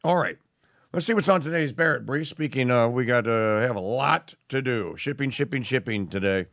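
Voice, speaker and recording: A man hosting a talk radio show, bantering in a lively, jokey way with bursts of mock outrage. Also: mid-range voice, moderate pace, no room sound, clean studio sound. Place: radio studio.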